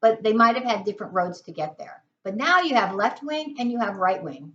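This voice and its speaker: A woman's voice: mid-range voice, a bit bright, lo-fi sound. Indignant American woman vlogging opinions. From United States. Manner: indignant, emphatic, repetitive rhetorical questions. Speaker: political vlogger. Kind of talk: opinion monologue to camera.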